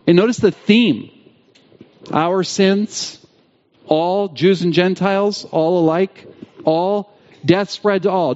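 A man preaching a sermon in a church, stressing key phrases by repeating them slowly. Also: fairly high pitch, dark tone, dull audio. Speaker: pastor. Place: church sanctuary.

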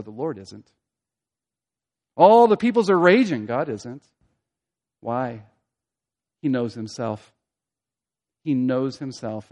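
Preaching an expository sermon, a man alternates between booming emphasis and quiet, low asides, driving points home through rhetorical questions and repetition.

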